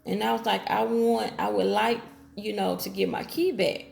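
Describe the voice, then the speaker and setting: Brief: woman storyteller, gravelly voice, casual and direct, echoey room. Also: mid-range voice, fairly even intonation, normal speed, darkish tone. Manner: talks straight to viewers with Southern-style slang, quotes others in her own voice.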